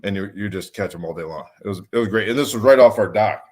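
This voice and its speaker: A man's voice: fairly low pitch, fast talker, a little mellow. A man from Michigan, a podcast guest, telling a rambling story in casual chat, repeating words as he goes. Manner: rambling, repeats words, laughs at his own stories. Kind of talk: casual drinking-buddy storytelling.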